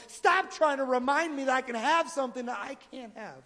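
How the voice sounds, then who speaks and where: A man preaching a sermon, moving between quiet pleading and loud exhortation. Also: very high voice, expressive, a little fast, few pauses. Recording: long hall reverb.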